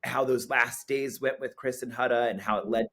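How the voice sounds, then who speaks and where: A man's voice: medium pitch, a little fast. Chatty male podcast guest. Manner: chatty, animated, filler-heavy. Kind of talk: casual chat.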